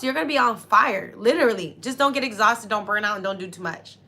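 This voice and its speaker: A woman's voice: mid-range voice, moderate pace, bright, forceful tone. A young woman hosting a casual astrology talk, effusive and grateful, speaking directly to her viewers and getting teary with happiness. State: tearful with happiness. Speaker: astrology livestream host.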